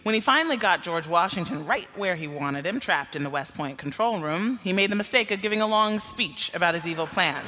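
A man telling a made-up comic story as a quiz panelist, in a deadpan way. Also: sits high, big-room sound, a little hiss or hum. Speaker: comedy panelist.

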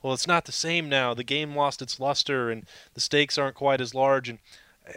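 A man's voice: medium pitch, fairly even intonation, moderate pace, pushed and bright, clear, resonant tone, no echo. A man, the regular co-host of a sports podcast, chatting in an upbeat and talkative way. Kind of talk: casual sports podcast chat.

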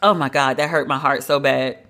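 A woman's voice: extremely low pitch, steady tone, a little fast, fairly bright tone. A woman hosting a solo podcast, talking in a blunt, emphatic, conversational way and drawing out the words she stresses. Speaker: podcast host.

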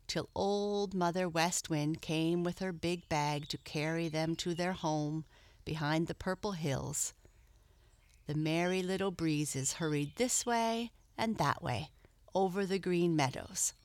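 A woman narrating a children's storybook in a gentle, storytelling manner. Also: fairly low pitch, slow, no echo.

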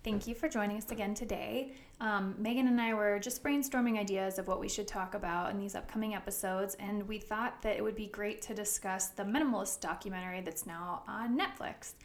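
Fast-talking woman podcast co-host, roomy sound. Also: medium pitch, steady tone. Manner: talks fast, with many ums. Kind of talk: casual chat.

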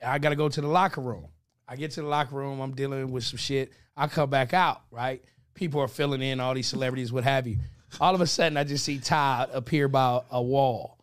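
A man hosting a casual chat, telling a profane, animated story and mimicking his friends. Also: medium pitch, fairly quick, clear, resonant tone.

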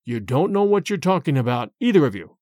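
A man's voice: on the high side, very animated, a little fast, darkish tone, dry recording, studio quality. A man voicing a stern grown son who speaks firmly and gloomily. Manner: firm and gloomy. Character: stern grown son, firm and brooking no argument.

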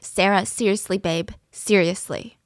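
A woman's voice: mid-range voice, fairly even intonation, unhurried, dry recording, studio quality, close to an everyday voice. A woman doing a panicked trapped man begging. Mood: pleading. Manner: desperate, begging.

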